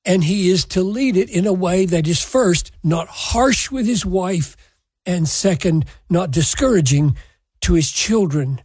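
A man teaching from the Bible, speaking in a measured, emphatic and deliberate way. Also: high-pitched, lively intonation, darkish tone, breathy edge, no echo.

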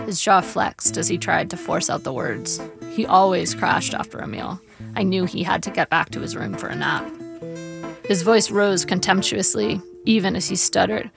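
A woman narrating her memoir in a measured, wry storytelling manner. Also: on the low side, creaky. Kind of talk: memoir audiobook reading. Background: faint guitar music.

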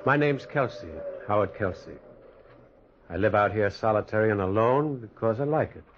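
A man's voice: fairly low pitch, normal speed, a little hiss or hum, natural voice. An actor playing a lonely man haunted by memories who narrates his own story in 1940s radio acting. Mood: brooding. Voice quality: husky, expressive storytelling. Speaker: narrator and lead character. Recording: dull lo-fi old radio recording.

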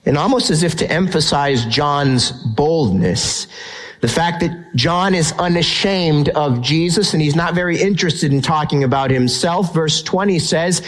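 A male pastor preaching a sermon in an emphatic way, slowing down to stress key phrases. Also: a little high, poor audio. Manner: emphatic, builds tension, slows down for key phrases.

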